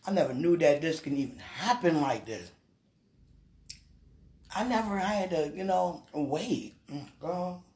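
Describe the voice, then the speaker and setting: A woman's voice: on the low side, mellow. Woman, casual monologue, laughing often, repeats herself, mixes chat and prayer. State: heartburn, hungry.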